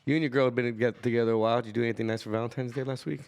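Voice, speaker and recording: A man's voice: medium pitch, steady tone, very fast, clean tone. A man hosting a podcast, asking questions and joking along in a casual chat. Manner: easygoing, asks questions, jokes along. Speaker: podcast host.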